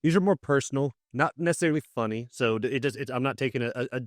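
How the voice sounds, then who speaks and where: A man's voice: medium pitch, rapid-fire, no room sound, studio quality. A man co-hosting a podcast who plays a mock therapist in casual comedic chat. He is playful and often repeats himself. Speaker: podcast co-host.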